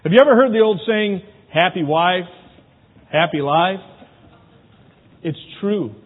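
A man preaching a folksy sermon on marriage, teaching through anecdotes with a husky voice. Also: fairly high pitch. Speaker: pastor. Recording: tinny, phone-like, long hall reverb.

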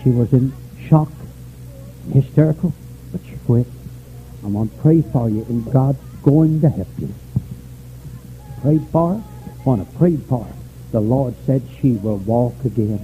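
An older man preaching a revival sermon, swinging from fervent shouts down to low, quiet pleading. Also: expressive, unhurried, pauses often, faint music behind. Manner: fervent, rising to shouts then dropping low. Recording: tinny phone-like old recording with faint noise.

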